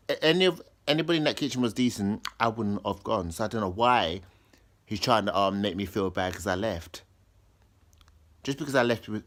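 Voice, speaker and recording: A man's voice: on the low side, fairly bright tone. A man telling a rambling story in casual chat, full of restarts and acted-out quotes. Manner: rambling, full of restarts, acts out others' lines in raised voices.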